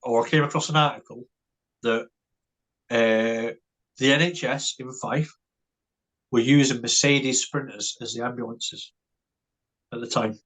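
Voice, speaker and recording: A man with a husky, grainy voice sits in as a podcast guest and tells a story over casual chat. He trips over his words and restarts a lot, checking in with "right?" and "mate" as he goes. His pitch sits in an ordinary middle range. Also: fairly even intonation, measured pace, long pauses, fairly bright tone. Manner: stammers and restarts, tags lines with "right?" and "mate".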